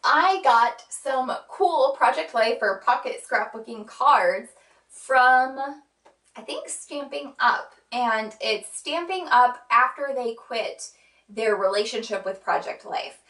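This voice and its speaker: A woman's voice: a little high, animated, slow, fairly bright tone. A young woman vlogger talking casually and earnestly, with frequent fillers. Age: young adult. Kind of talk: casual chat. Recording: roomy sound from a distant mic.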